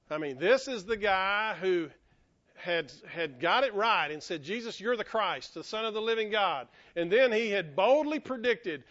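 In his sermon, the male pastor is animated and folksy, imitating the voices he cites and coughing as he recovers from being sick. He has a high voice, speaks at normal speed, and the recording sounds muffled.

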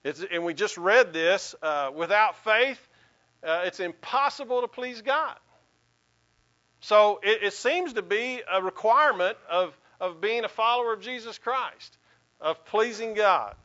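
A man's voice: high-pitched, expressive, measured pace, bright, forceful tone, highs cut off. A male pastor giving a sermon in an earnest, conversational way, with a folksy sense of humor.

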